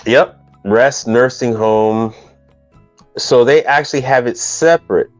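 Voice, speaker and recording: A man's voice: mid-range voice, slow pace, no echo. Joking, rambling man streaming live. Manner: rambling, joking, teasing, loose slang. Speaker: live stream host answering business questions. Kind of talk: casual live stream talk. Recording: dull dry sound with faint music behind.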